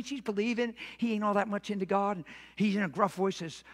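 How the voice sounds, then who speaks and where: High, forceful preaching man in church. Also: rapid-fire, few pauses. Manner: animated preaching, acts out quoted voices. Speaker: pastor. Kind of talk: sermon. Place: church sanctuary. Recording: echoey church hall reverb.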